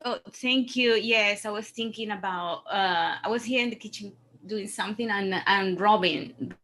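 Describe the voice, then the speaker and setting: Woman, bright voice, hesitant and grateful, home kitchen video call. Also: medium pitch, moderate pace. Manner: grateful, hesitant, repeats thanks. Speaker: webinar participant. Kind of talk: casual chat on a video call.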